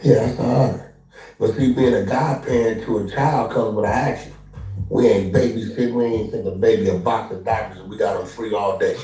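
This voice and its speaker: A man rants in a taunting, slang-heavy way, now and then mimicking the people he mocks. His voice is low and mellow, picked up from some distance in a roomy space. Faint music plays behind him. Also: steady tone, a little fast. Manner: taunting, acts out others' lines in mock voices. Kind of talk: confrontational street-slang rant.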